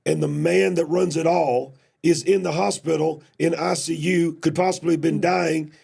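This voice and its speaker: A man hosting a talk show, with a cough and cough drops in his mouth, who builds to emphatic, shouted questions. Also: a little high, fairly even intonation, normal speed, vocal fry, breathy edge. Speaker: host. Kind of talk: casual political commentary.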